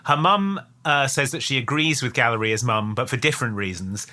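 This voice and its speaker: Wry, bright-voiced man retelling a movie. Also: medium pitch, fairly quick. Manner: dry, wry storytelling with silly quoted voices. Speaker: podcast co-host. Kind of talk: comedic film recap chat.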